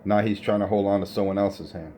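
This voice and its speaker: Low-voiced, scornful radio ranter. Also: male voice, steady tone, fast talker, dark tone, slight background noise. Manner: scornful, insulting, technical ranting. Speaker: CB radio operator. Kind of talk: profane CB radio banter.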